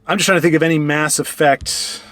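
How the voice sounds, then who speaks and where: A man's voice: fairly high pitch, steady tone, a little fast, a bit bright, no room sound, faint music behind. A man giving casual gameplay commentary, chatty and thinking aloud as he plays. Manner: chatty, thinks aloud, frequent restarts and fillers. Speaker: streamer and card game player.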